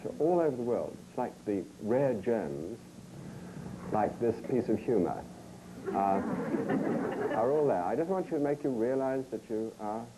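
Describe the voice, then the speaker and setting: A man's voice: fairly low pitch, noisy background. A man hosting a cooking show, joking wryly with a studio audience in an archival broadcast. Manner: wry, teasing asides.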